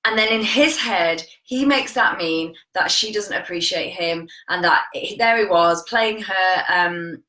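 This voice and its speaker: A woman's voice: lowish voice, measured pace, few pauses, sharp tone, roomy sound, poor audio. A woman hosting a casual live stream, chatting and greeting viewers by name as she tells a story. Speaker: host of a live coaching stream.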